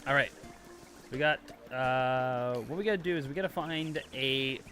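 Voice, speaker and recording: A man's voice: medium pitch, moderate pace, pushed and bright, soft background music. A man streaming a game, giving casual gameplay commentary in a chatty, rambling way and talking to his chat.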